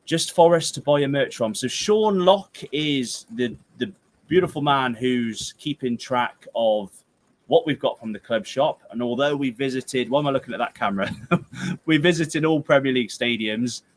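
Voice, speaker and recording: A rambling, jokey young man with a Herefordshire and Gloucestershire accent runs a casual football livestream from home. He reads viewer comments and sounds tired. His voice sits at an ordinary, middle pitch for a man. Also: moderate pace. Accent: Gloucestershire/Herefordshire English. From England. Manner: chatty, jokey, rambling, with playful outbursts.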